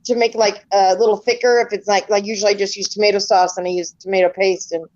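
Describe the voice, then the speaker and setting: A woman's voice: medium pitch, level tone, fast, a little mellow, muffled recording. A middle-aged woman in casual group voice chat, telling family stories with lots of chatty asides. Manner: chatty storyteller acting out family dialogue. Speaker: panel participant.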